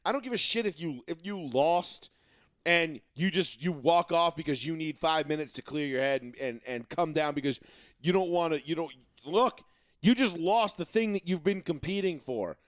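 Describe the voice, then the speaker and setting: Ranting high-voiced sports podcast man. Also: lively intonation, moderate pace, dry recording, studio quality. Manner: profane, ranting, mocking impressions. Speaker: podcast co-host. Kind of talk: casual sports talk.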